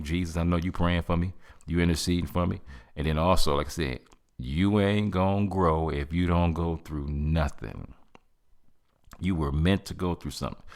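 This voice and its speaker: A man hosting a podcast, giving an earnest faith-based motivational talk in casual speech, slowing down to stress key phrases. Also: low-pitched. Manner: earnest, preachy, colloquial with "man" and "fam". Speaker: podcast host.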